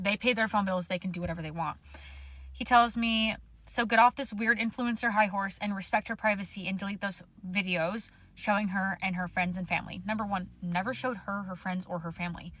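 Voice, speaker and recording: A woman's voice: medium pitch, bright, forceful tone, no room sound. A young woman telling a storytime to her phone camera in an angry rant, swearing bluntly. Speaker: social media storyteller.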